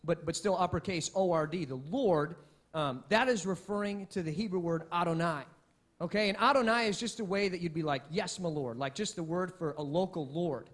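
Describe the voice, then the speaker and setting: A man preaching a sermon as pastor, in a lively, conversational way with frequent restarts. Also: high voice, brisk.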